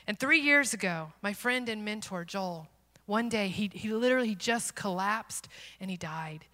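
A woman giving an earnest, self-deprecating testimony as a missionary speaker, swinging from loud to hushed. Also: mid-range voice, animated, moderate pace. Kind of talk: personal testimony sermon. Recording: long hall reverb.

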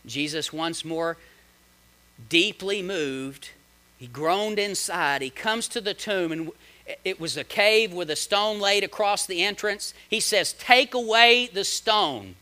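Male pastor, sermon delivery, high voice with a very bright edge, dramatic swings in volume. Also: slow pace. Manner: dramatic preaching with big swings in loudness and pitch; reads scripture aloud and comments on it.

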